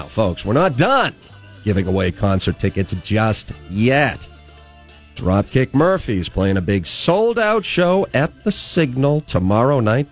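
A man's voice: on the low side, creaky, a little mellow, no room sound. A man from Boston hosting a morning talk radio show from the studio in an upbeat announcer delivery. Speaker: radio host.

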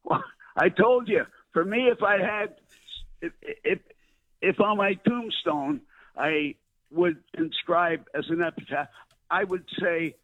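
An older man, a veteran broadcaster, rambles through his memories with fillers and restarts. His fairly high voice comes over a thin, phone-like line. The sound is dry and close. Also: slow, fairly bright tone, no echo. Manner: storyteller, many fillers and restarts. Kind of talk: rambling reminiscing interview.

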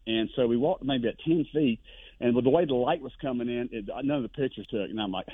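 A man calling in to a sports radio show, telling stories in an animated way with voices for the people he quotes. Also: mid-range voice, brisk, no echo. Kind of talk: casual storytelling on a phone line. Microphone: telephone. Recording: tinny dry phone line.

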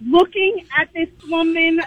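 A woman's voice: extremely high pitch, level tone, unhurried, no echo. A woman calling a radio show and animatedly telling a story about her toddler, acting out the voices. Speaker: caller. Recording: thin phone line.

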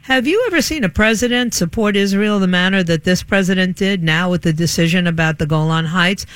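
A woman hosting a talk radio interview, animated and exclaiming, quick to laugh along with her guest. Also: fairly low pitch, no echo. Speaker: radio talk show host.

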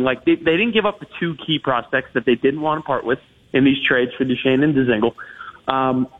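A man analysing hockey as a guest in a radio interview, talking in long runs full of restarts and fillers. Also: medium pitch. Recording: tinny phone line on radio.

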